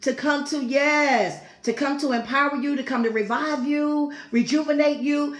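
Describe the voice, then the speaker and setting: High-voiced woman greeting viewers. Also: steady tone, moderate pace, reverberant. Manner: warm, effusive, repetitive greetings to viewers. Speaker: host of a women's fellowship livestream. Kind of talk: casual live-stream welcome.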